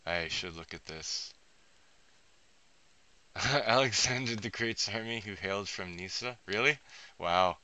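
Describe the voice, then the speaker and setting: A man's voice: lowish voice, measured pace, pauses often, pushed and bright, no room sound. A man rambling through a monologue, swearing heavily and breaking off his sentences as he thinks aloud. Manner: profane, restless, thinking aloud; self-interrupting, trails off mid-sentence. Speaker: vlogger.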